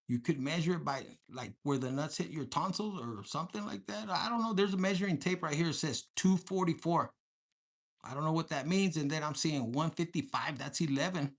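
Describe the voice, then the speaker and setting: A man giving a casual tarot reading for viewers, talking in a crude, profane, joking way and mixing in Spanish slang. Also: fairly high pitch. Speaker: tarot reader.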